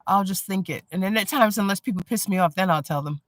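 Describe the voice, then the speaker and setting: A woman chatting casually on a live stream, blunt and animated, often breaking into laughter. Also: mid-range voice, fast talker, no room sound. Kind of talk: casual chat.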